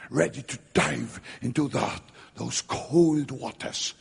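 A man preaching a revival sermon, dramatic and emphatic, building to shouted climaxes. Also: medium pitch, big pitch swings, takes it slowly, gravelly, breathy edge.

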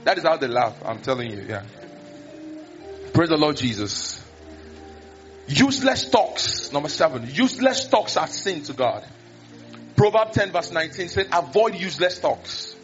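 Brief: high-voiced male preacher, lively storytelling sermon. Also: normal speed, long pauses, faint music behind. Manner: animated, acts out scenes, exclamations. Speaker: pastor. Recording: dull lo-fi recording.

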